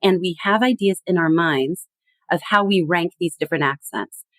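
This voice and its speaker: A woman guest on a podcast, explaining with animated emphasis in a conversational tone. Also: lowish voice, normal speed, dry recording. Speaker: guest expert.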